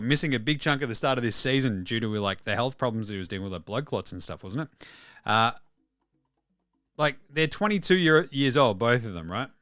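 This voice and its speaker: A man's voice: mid-range voice, a bit bright, smooth, dry recording, clean studio sound. An Australian man hosting a basketball podcast, talking in rambling, blunt, sweary casual commentary. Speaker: podcast host.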